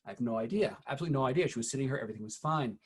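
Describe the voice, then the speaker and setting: A middle-aged man giving a teacher-training talk, telling true stories from his classroom in an earnest, halting way with frequent restarts. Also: mid-range voice, animated, slightly rough. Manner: earnest storytelling, frequent "uh" and restarts, quiet when recounting.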